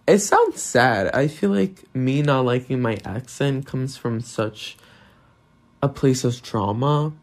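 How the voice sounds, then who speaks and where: Taking his time, a young man with a mid-range voice and a non-native English accent hosts his podcast alone. His monologue is frank and self-deprecating, peppered with frequent swearing.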